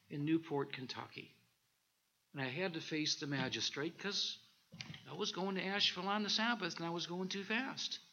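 High, sharp-toned man preaching a sermon. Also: gravelly. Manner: animated storytelling, reads scripture aloud. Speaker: minister. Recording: dull lo-fi recording.

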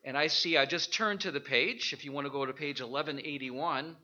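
A man teaching an informal Bible study, thinking aloud with halting restarts and rhetorical questions. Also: a little high, pushed and bright, dull audio.

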